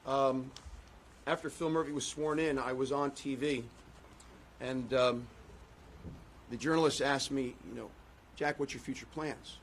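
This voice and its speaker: Conceding the race and then fielding reporters' questions, this candidate speaks at a measured pace with frequent pauses. His voice is medium-pitched and fairly even, and he hammers his points with repeated phrases. There's slight background noise.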